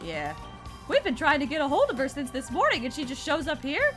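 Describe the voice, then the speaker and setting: A woman voicing a weary, gruff middle-aged male police detective in game dialogue. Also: wildly swooping pitch, a little fast, fairly bright tone, soft background music, heavily acted. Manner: low, tired, gruff. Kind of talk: game dialogue read aloud.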